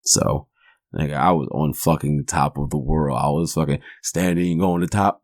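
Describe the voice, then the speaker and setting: A podcast host in his forties tells stories in a rambling, profane, joking monologue. His very deep, slightly mellow voice holds a steady tone at normal speed. The sound is clean studio audio with no echo.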